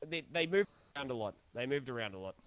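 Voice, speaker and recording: A man playing an easygoing small-town sheriff with an Australian accent, rambling with halting restarts in an improvised interview. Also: mid-range voice, expressive, a bit bright, lightly acted. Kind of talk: improvised role-play interview. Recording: dull lo-fi game voice chat.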